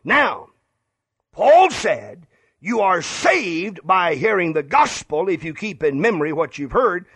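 A man's voice: sits high, big pitch swings, slow, a bit bright, husky, no echo. An older man preaching a radio sermon, emphatic and repeating phrases for stress.

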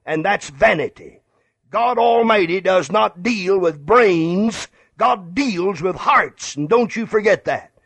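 A man's voice: high voice, expressive, takes it slowly, gravelly, a bit bright, husky, dry recording. An older man preaching a radio sermon, emphatic and repeating phrases for stress.

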